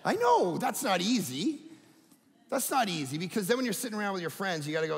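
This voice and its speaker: Middle-aged male pastor, sermon delivery, high lively pitch, gravelly edge, church-hall reverb. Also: fairly quick. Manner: animated, swings from loud emphatic highs to low quiet asides.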